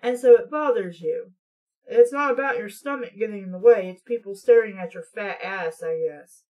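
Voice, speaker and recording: A woman's voice: mid-range voice, normal speed, dark tone, poor audio. Sarcastic, swearing woman book reviewer. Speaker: booktube host.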